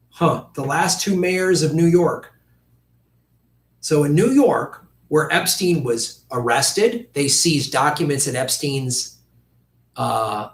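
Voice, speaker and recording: A man's voice: a little high, reverberant, distant mic. A man hosting a political livestream, talking bluntly and profanely straight to his chat viewers. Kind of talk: livestream commentary.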